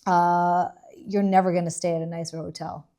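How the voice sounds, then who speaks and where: A woman's voice: lowish voice, level tone, normal speed, dark tone. Enthusiastic, playful woman co-host. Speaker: podcast co-host. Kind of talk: casual podcast chat.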